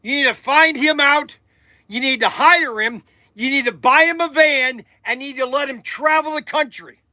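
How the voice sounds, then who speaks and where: A man's voice: very high-pitched, normal speed, pushed and bright, no room sound, clean studio sound. An older man hosting a show, telling a long personal story in a rambling, emphatic way that repeats itself, getting emotional at times. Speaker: podcast host. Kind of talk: casual storytelling.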